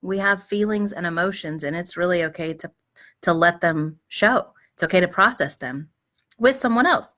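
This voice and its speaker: Middle-aged woman host, low-pitched yet bright and forceful tone, gentle advice talk with fillers. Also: normal speed. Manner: gentle, reflective, frequent fillers and restarts. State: clearing her throat. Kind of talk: live-streamed advice talk.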